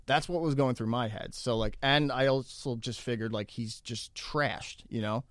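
A man's voice: medium pitch, normal speed, no echo, clean studio sound. Chatty man telling a story. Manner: animated, acts out quotes, lots of fillers. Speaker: comedian guest. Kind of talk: casual storytelling.

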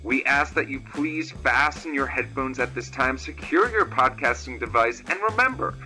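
A man's voice: medium pitch, pushed and bright. A man voicing a male airline pilot making a formal cabin announcement.

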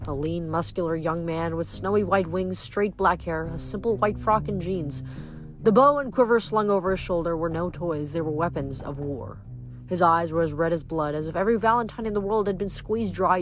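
Brief: woman narrator reading a book, fairly low voice, steady and reflective, soft music under her. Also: fairly quick. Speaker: book reader. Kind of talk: reading a novel aloud.

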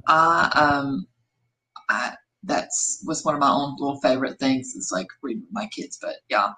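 A woman reviewing an audiobook in casual chat, chatty and full of "like", her pitch jumping up when she quotes herself. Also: lively intonation, normal speed, sharp tone, low-quality recording. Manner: chatty, filler-heavy, jumps up in pitch when quoting herself. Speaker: podcast co-host.

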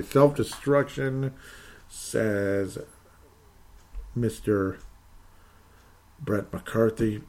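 A man's voice: on the low side, darkish tone. A man hosting a casual sports talk show, reading listener comments aloud and chatting with frequent laughs. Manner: puts on a joking Canadian accent briefly. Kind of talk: casual sports podcast chat.

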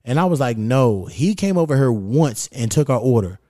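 A man hosting a podcast, telling stories in a profane, animated way with quoted back-and-forth. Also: mid-range voice, normal speed, no echo, studio quality. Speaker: podcast host. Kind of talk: casual chat, storytelling.

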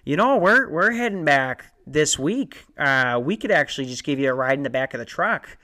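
A man putting on a folksy middle-aged Chicago man with a high, slow delivery. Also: expressive, sharp tone.

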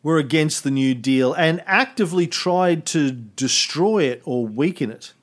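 A man's voice: a little high, animated, measured pace. A man co-hosting a history podcast, explaining events in a casual, rambling way with many fillers and self-corrections. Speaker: podcast co-host.

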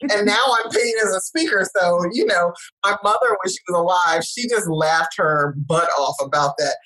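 Woman, middle-aged, lower voice, chatty storyteller, acts out quotes. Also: normal speed, fairly bright tone, low-quality recording. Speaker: guest speaker. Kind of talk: casual chat.

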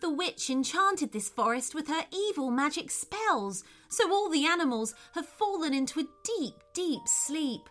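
A woman's voice: very high voice, big pitch swings, measured pace, a bit bright, faint music behind, voice pushed up, heavily acted. Snowdrop, a woman voicing a sweet male unicorn. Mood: sad. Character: gentle male unicorn, charming and sad.

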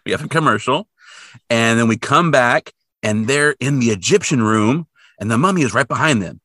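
A man co-hosts a podcast, recapping a cartoon episode in casual conversation and acting out bits of the story with animated flair. His mid-range voice moves at a normal speed, recorded with clean studio sound and no echo.

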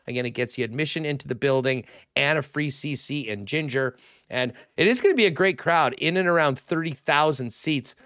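A man's voice: fairly high pitch, brisk, fairly bright tone, no echo, clean studio sound. A man with a Canadian accent hosting a casual sports talk show, rambling through sponsor plugs and giveaways. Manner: chatty, rambling, promo reads. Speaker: sports radio host.

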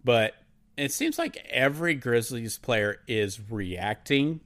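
Guy on a sports podcast getting animated and mocking, laughs a lot, mid voice. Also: medium pitch, takes it slowly. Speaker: podcast co-host. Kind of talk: casual sports chat.

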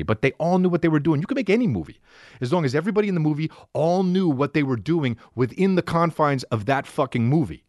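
A man's voice: a little high, no room sound, studio quality. A man on a comedic rant, profane and rambling, swinging his delivery up and down as he riffs.

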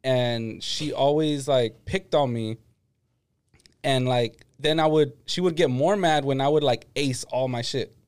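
A man's voice: mid-range voice, measured pace, darkish tone, clean tone. A young man co-hosting a podcast, recalling school days in a rambling way full of "like". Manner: rambling, heavy use of "like". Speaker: podcast co-host. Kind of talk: casual chat.

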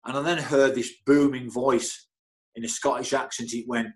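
A middle-aged man, a football physio, telling anecdotes in an interview with lively energy, often stammering and repeating words. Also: medium pitch, unhurried, rough recording. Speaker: football club physio, guest.

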